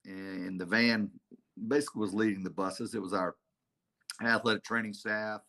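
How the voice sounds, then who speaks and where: A man's voice: normal speed, creaky. A man, a head football coach telling stories as an interview guest. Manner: animated storyteller, acts out quotes with big pitch jumps. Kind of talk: casual storytelling interview.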